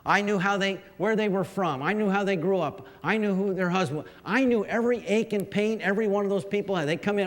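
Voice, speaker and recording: A man's voice: sits high, animated, fast, few pauses. A man, a pastor, giving a folksy, humorous talk to fellow clergy, telling stories and teasing the audience. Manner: storytelling with humorous asides to the audience. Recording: long reverb of a large hall.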